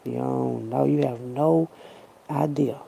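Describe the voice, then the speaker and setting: Gravelly, dark-voiced woman ranting. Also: a bass voice, fairly even intonation, slow, rough recording. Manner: preachy, ranting, repeats herself; profane, slangy. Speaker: vlogger. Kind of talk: casual monologue to camera.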